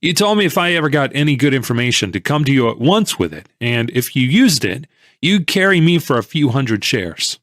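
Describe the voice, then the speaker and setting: A man voicing an excitable, pushy male stock tipster in an audiobook, pressing his point insistently. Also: medium pitch, fairly quick, dry recording, clean studio sound.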